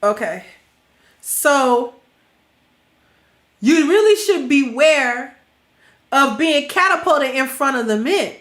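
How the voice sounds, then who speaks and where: A woman's voice: sits high, a bit bright, echoey room. A woman hosting a livestream, talking bluntly and preachily in a colloquial way, with a congested, stuffy nose. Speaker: livestream host. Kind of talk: opinionated livestream commentary.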